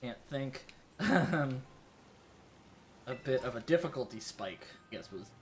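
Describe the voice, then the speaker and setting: A tired man livestreams a game, his mid-range voice animated but unhurried, with slight background noise. His casual commentary rambles with lots of fillers and restarts, drifting into a put-on British-sounding accent.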